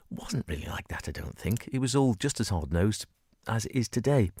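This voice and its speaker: Chatty low-voiced male radio host. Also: lively intonation, fast talker, darkish tone, dry recording, clean studio sound. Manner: chatty and digressive, chuckles. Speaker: radio presenter. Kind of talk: casual music-show chat. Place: radio studio.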